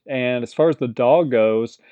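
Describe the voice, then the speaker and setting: A man talks casually through a TV episode recap, rambling along and slipping into quick character voices for the quotes. His voice is mellow and dark. The sound is dry and slightly dull. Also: medium pitch, dry recording. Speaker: podcast host recapping a TV episode. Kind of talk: casual chat.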